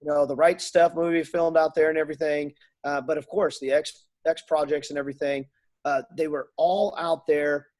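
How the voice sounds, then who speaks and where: A middle-aged man telling stories in casual chat, animated and acting out the dialogue in them. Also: fairly high pitch, moderate pace. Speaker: guest. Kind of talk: casual storytelling.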